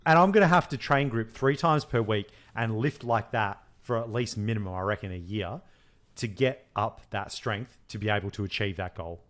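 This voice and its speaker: A man's voice: on the low side, normal speed. Blunt, swearing young man chatting. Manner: animated storytelling, teasing his co-host. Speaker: podcast co-host. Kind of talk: casual chat.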